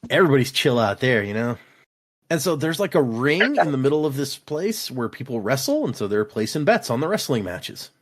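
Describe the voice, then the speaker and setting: Animated man casually recapping a book. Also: medium pitch, brisk. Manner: animated, recaps scenes with lively acted-out quotes. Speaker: podcast co-host recapping a book. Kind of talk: casual book club chat.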